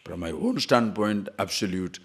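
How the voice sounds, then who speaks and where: Man, spiritual teacher, lowish voice, storytelling discourse, chuckling, rhetorical questions. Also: animated, normal speed, husky.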